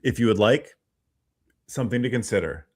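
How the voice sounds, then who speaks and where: An encouraging man speaking on a casual livestream. He coaches listeners warmly and keeps an upbeat, lively manner. He talks directly to viewers by name. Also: lowish voice, moderate pace. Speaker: stream guest.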